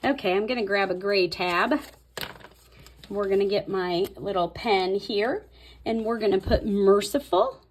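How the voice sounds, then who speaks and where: Fast-talking woman thinking aloud. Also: mid-range voice, expressive. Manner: thinks aloud while writing, repeats words softly; fast talker. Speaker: host. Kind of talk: casual craft tutorial.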